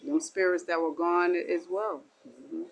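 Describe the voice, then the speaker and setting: A woman giving spiritual talk as a channeler, acting out voices and ending in a low, hushed blessing. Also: measured pace, gravelly, low-quality recording. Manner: animated, acts out dialogue in shifting voices.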